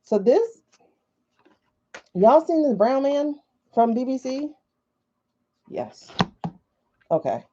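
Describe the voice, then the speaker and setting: A woman's voice: sits high, very animated, slow pace, pauses often, dark tone, a little hiss or hum. A woman hosting a casual livestream from her phone, chatty and skeptical, thinking aloud with many fillers. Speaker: livestream host. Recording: dull lo-fi livestream audio.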